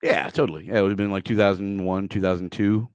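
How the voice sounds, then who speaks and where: A man's voice: sits low, steady tone, fast, smooth, no room sound, dull audio. A man co-hosting a podcast, chatting casually and chiming in with short agreements and his own music memories. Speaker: co-host, former backing singer.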